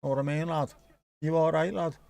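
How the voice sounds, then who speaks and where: A man's voice: on the high side, fairly even intonation, a little fast, vocal fry, darkish tone, dry recording, pitched above the performer's own voice. A man putting on a to voice a chatty Liverpool lad down the pub, matey and informal.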